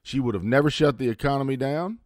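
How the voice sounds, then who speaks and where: This fifties-aged host talks fast in a mid-range, slightly mellow voice, recorded with studio quality and no echo. He rants to camera about politics, bluntly and defiantly, with heavy profanity and sarcasm.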